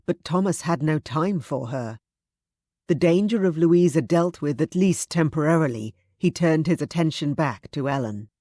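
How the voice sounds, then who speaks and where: A woman narrating a historical romance audiobook in a measured, expressive reading. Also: deep voice, no room sound, clean studio sound.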